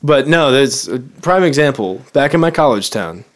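A man's voice: mid-range voice, expressive, moderate pace. Blunt, opinionated man in casual chat. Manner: blunt, opinionated, stumbling restarts. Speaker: podcast co-host.

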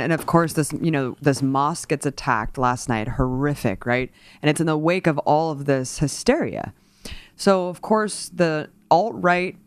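Animated woman talking politics, dry mic. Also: very deep voice, no echo. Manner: animated, indignant, rambling with fillers. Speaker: political commentary host. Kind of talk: casual political discussion.

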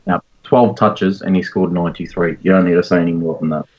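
A man co-hosting a podcast in casual chat, relaxed with lots of ums and restarts. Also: deep voice, fairly quick. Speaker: podcast co-host. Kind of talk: casual fantasy sports chat. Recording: distant, dull-sounding mic.

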